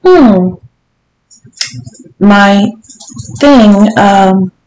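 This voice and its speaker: A woman's voice: on the low side, a little slow, natural voice. A meek young stable lad stammers out his words in a bedtime story, as a woman reader voices him. He sounds flustered and submissive, never raising his voice. A roomy echo hangs around him.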